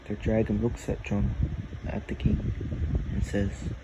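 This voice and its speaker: A man narrating a made-up fantasy story in a slow, halting, plain delivery. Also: lowish voice, little pitch movement. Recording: loud air conditioning hum. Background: air conditioning.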